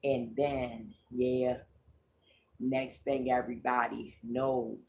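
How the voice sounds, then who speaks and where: Very slow-drawling woman livestreamer. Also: a bass voice, little pitch movement, gravelly, darkish tone, slight background noise. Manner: slow, drawling, profane, repeats herself. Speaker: livestream host. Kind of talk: livestream storytelling.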